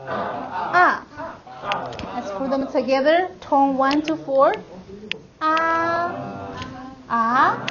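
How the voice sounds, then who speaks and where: High-voiced woman teaching tones in a classroom. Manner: demonstrates tones by drawing out and singing vowel sounds. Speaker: language teacher. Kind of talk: classroom instruction. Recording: lo-fi classroom recording with clear noise.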